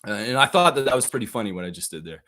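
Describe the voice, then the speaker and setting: A man hosting a live basketball stream, chatting casually and reacting excitedly to viewer comments. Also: on the low side. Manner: animated, excitable, quick to laugh at his own bits. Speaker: livestream basketball show host.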